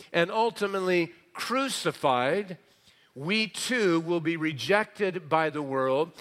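Slow, emphatic preaching man. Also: high-pitched. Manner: slow, emphatic preaching, drops to a quieter conversational aside. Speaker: pastor. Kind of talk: sermon.

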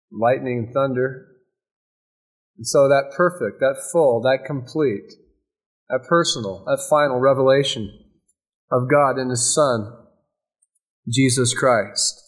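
A male pastor delivers a sermon in a mid-pitched voice. He preaches emphatically, building repeated phrases and leaning on dramatic pauses.

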